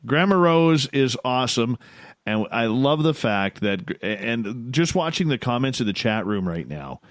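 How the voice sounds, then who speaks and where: A man's voice: medium pitch, big pitch swings, a little slow, no echo, clean studio sound. A man with a Canadian accent hosting a radio show, enthusiastic and playful with callers. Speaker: radio host. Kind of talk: casual radio talk.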